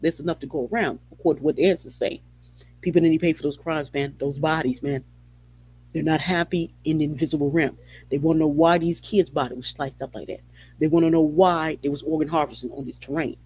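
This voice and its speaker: Brisk and steady, with a breathy edge to his fairly high voice, a male podcast host preaches his commentary emphatically and repetitively. It's captured in dull, lo-fi sound.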